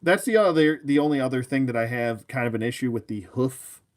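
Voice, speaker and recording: A man's voice: mid-range voice, lively intonation, fast talker. A man hosting a live action figure review, talking casually in a rambling, self-mocking way and chatting back to viewers.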